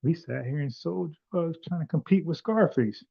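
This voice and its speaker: A call-in podcast host chats casually with callers on a live stream, bluntly arguing and using plenty of "like" and restarts. His voice is fairly high yet gravelly and husky, his pace moderate, and the recording is muffled lo-fi.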